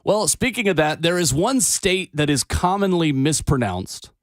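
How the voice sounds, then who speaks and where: A man co-hosting a sports radio show who also calls games, explaining things in a measured, casual way. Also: on the high side, animated, no room sound, clean studio sound. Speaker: sports radio co-host and play-by-play announcer.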